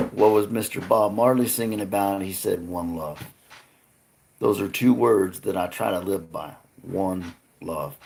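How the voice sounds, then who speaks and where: A man's voice: low-pitched, gravelly, darkish tone. A man hosting a live stream, rambling earnestly to his chat with frequent restarts. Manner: rambling, halting, many restarts; earnest, talks to chat viewers by name.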